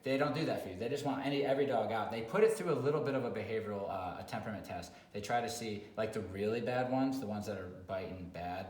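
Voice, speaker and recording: A man working as a dog trainer, talking bluntly in a casual video chat and sometimes swearing, loudly acting out dog owners. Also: lowish voice, fast, few pauses. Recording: echoey room with faint noise.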